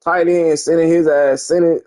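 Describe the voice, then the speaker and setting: Casual, foul-mouthed gameplay commentary comes from a young man streaming his football game, boasting and wandering off topic. His voice is on the high side yet dark in tone, with a flat delivery at a moderate pace.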